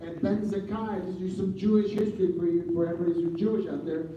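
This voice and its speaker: A man talking casually as an interview guest, telling rambling, animated stories with lots of restarts. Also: high voice, quick pace. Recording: distant mic, echoey room, dull sound, faint noise.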